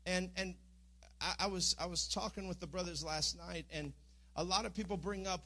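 A man's voice: sits high, steady tone, moderate pace, pushed and bright. A middle-aged man, preaching a sermon in a church with earnest speech that rises into impassioned pleading. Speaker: pastor. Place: church sanctuary.

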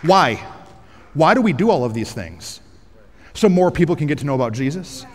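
High-pitched pastor guy preaching on a headset mic, joking then shouting, big church room with long reverb. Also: moderate pace. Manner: energetic, joking, rising to shouts for emphasis. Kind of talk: sermon. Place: large church auditorium.

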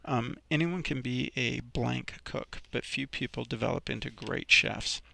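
A man's voice: mid-range voice, unhurried, creaky, sharp tone. A man teaching a recorded vocabulary lesson, explaining each example step by step with many ums and restarts.

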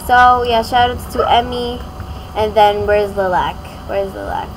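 A woman's voice: medium pitch, unhurried, noisy background. A young woman giving casual gameplay commentary as a gaming YouTuber, rambling and giggly with many fillers.

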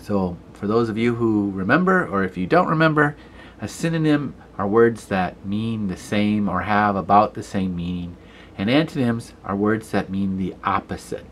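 Man teaching grammar, patient and lowish. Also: animated, moderate pace, slight background noise. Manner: patient, explains step by step while typing. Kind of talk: online grammar lesson. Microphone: computer camera mic.

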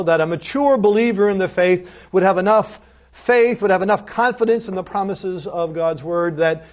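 Man, high voice, lecturer, emphatic, rhetorical questions, slows and softens on key phrases. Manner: emphatic, repeats key points, asks rhetorical questions and answers them; slows right down and drops softly on key phrases. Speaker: seminary lecturer. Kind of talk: recorded course lecture.

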